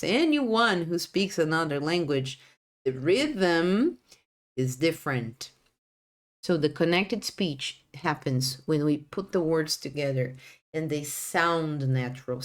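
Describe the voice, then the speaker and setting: Young woman teaching english, slow and careful, voice jumps up and down a lot on example questions. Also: medium pitch. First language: Portuguese. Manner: animated, models sentences with exaggerated rising intonation.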